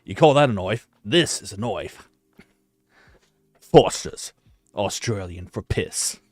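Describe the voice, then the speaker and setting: Man doing a brash Aussie bloke, loud, exaggerated put-on accent, dry sound. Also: lowish voice, expressive, slow pace, no room sound. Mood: boisterous.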